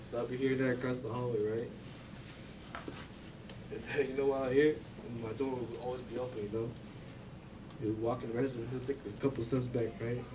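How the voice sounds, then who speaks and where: A man's voice: medium pitch, little pitch movement, fairly quick, pauses often. Young guy doing a eulogy, rambling and laughing, far off the mic, noisy room. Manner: rambling, many fillers, laughs between stories. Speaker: family member giving a eulogy. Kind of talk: informal memorial speech. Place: memorial gathering room. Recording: distant mic with clear background noise.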